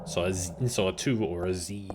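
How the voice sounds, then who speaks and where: A man's voice: sits low, fairly even intonation, normal speed, very noisy. A man streaming a game, thinking aloud with fillers as he plays, with game music behind him. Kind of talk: casual gameplay commentary.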